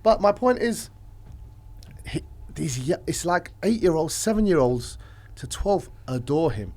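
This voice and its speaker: A man chatting casually as a podcast guest, telling stories in a rambling, animated way, his voice swinging from loud to quiet. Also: on the high side, unhurried. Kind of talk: casual chat.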